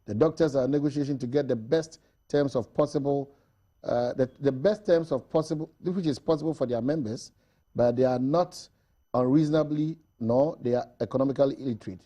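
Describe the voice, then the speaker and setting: A man with a Ghanaian English accent, hosting a newspaper review and reading an editorial aloud in a measured, formal way. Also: mid-range voice, mellow.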